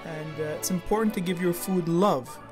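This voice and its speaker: A man's voice: a little high, moderate pace. Guy chatting through a recipe, loose and rambly, lots of ums, faint music behind. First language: French. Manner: chatty, rambling, full of fillers. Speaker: home cooking show host. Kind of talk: casual cooking demonstration.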